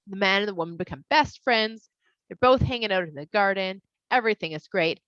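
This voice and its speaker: A woman's voice: mid-range voice, brisk, a bit bright, no room sound, highs cut off. A woman casually retelling a Bible story for children in a playful, slangy way.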